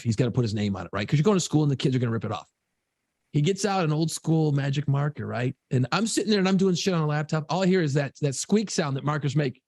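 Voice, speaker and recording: A man's voice: mid-range voice, a little mellow, no echo, clean studio sound. A middle-aged man co-hosting a casual podcast, telling loose, profane stories. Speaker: podcast co-host.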